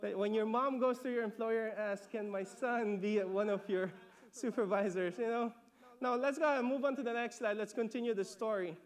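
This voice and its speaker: A man from the Philippines preaching with a notably high voice. He talks in an animated, conversational way, repeats words as he builds a point, and checks in with the congregation. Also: normal speed. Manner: laughs between points, asks "okay?". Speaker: pastor. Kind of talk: sermon.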